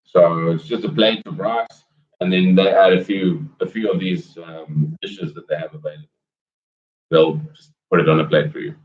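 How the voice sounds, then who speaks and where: Low-voiced guy, relaxed, far from the mic, dull sound. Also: normal speed. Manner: laid-back, brief replies. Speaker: guest. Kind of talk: casual chat. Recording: roomy, distant, dull lo-fi.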